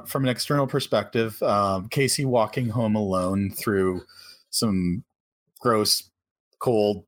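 A man's voice: lowish voice, fairly bright tone. A man from outside the United States, co-hosting a casual film podcast. He asks questions and moves the talk along. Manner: asks questions and steers the discussion. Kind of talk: casual chat.

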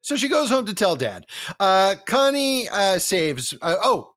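Guy with a high bouncy voice doing a movie recap, sarcastic, dry close sound. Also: measured pace, no room sound. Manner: animated, acts out characters' lines while recapping; profane, sarcastic. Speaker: podcast host. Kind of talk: casual movie recap chat.

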